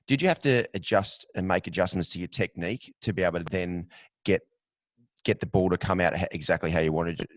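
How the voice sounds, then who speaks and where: A middle-aged man hosting a podcast interview, reflective and quick to laugh, asking long rambling questions. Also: low-pitched, no echo. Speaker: podcast host. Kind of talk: casual interview chat.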